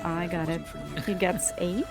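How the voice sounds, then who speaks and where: A woman playing a tabletop game, calmly calling out her rolls. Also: fairly low pitch, unhurried, over music. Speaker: player. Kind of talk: casual play at the table.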